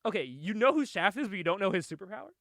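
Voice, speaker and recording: A man's voice: high-pitched, big pitch swings, racing, gravelly, a bit bright, no room sound, studio quality. A man hosting a casual comic book podcast, sarcastic and laughing often as he recaps. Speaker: podcast host.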